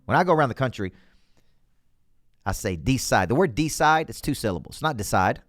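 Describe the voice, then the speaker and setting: A man with a Southern US accent, a business coach hosting a motivational show from a studio, talking in a folksy, punchy, energetic way. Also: medium pitch, brisk, no echo. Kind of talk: motivational talk to camera.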